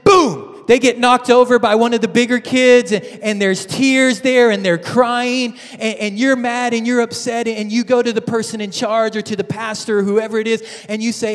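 Animated high-voiced male pastor preaching. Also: moderate pace, hardly any pauses, clear, resonant tone. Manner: animated storytelling with many restarts. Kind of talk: sermon. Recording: reverberant church hall.

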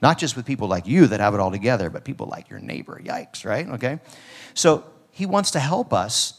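A man preaching a sermon in a church service, talking in a casual, animated way and acting out quoted lines. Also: medium pitch, normal speed. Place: church sanctuary.

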